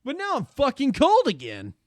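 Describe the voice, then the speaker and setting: A male streamer rambles casually to his chat, peppering animated complaints with swear words. His fairly high voice swings widely in pitch at a moderate pace, and the sound is dry and close with no room sound.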